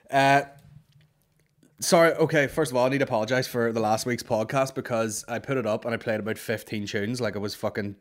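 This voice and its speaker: A young man hosting a comedy podcast, ranting in a casual, exasperated way and swearing constantly. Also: mid-range voice. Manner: heavy swearing, exasperated ranting, quick acted-out quips. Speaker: podcast host. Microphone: studio podcast microphone.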